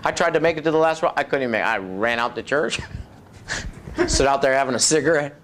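A man preaching, telling his own testimony as animated storytelling with frequent chuckles. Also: mid-range voice, fast, a little hiss or hum. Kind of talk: testimony sermon.

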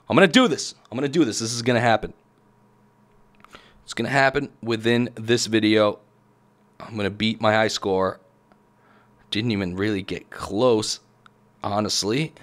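A man hosting a gaming video, giving excitable gameplay commentary and shouting at the game. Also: on the low side, normal speed, long pauses. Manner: excitable, yells at the game, chuckles. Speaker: gaming channel host.

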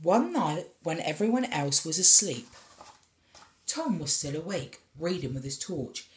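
A woman reading a children's storybook aloud with expressive storytelling. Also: low-pitched, unhurried. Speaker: storybook reader. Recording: echoey room.

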